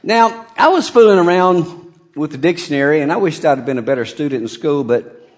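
A man preaching a sermon to his congregation, telling a Bible story with lively emphasis and occasional chuckles. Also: on the high side, brisk. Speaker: pastor.

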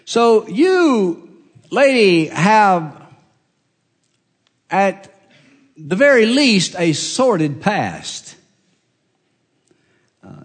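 A man playing a stern male religious leader who cross-examines a witness in a courtroom scene, speaking in an accusing, badgering way. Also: fairly high pitch.

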